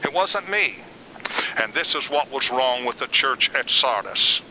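A man's voice: medium pitch, animated, measured pace, bright, forceful tone, a little hiss or hum, poor audio. An older man teaching a Bible lesson in a folksy, conversational way, mixing in personal stories.

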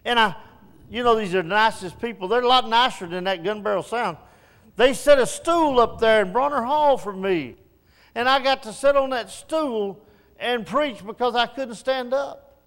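A man pastor preaching a sermon in a folksy, self-mocking way that swells to shouts. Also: very high voice, normal speed, big-room sound.

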